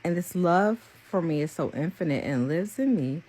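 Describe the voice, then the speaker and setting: A young woman with a low, husky voice talks through a spiritual message as a psychic reader. She rambles and repeats herself, earnest and openly emotional, in a loose confessional chat. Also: lively intonation, moderate pace, warm tone. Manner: earnest, rambling and repetitive, with many fillers.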